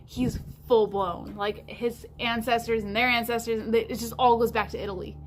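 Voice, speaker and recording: A woman's voice: a little high, fairly even intonation, moderate pace, slight background noise. A woman hosting a livestream in casual chat, rambling along with lots of fillers like "like". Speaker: livestream host.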